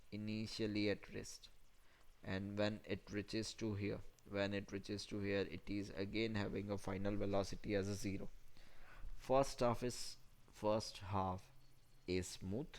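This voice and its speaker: A man's voice: lowish voice, a little mellow. A man teaching a physics class, repeating phrases and checking in with students. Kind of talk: classroom lecture.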